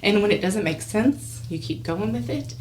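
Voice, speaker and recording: A woman's voice: mid-range voice, normal speed. A woman guest on a podcast, telling a personal story in a casual way. She acts out the lines of other people, laughs often and gets a little emotional. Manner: animated, acts out quoted dialogue, laughs often; emotional, close to tears at times. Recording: voice a bit far from the mic, faint hiss.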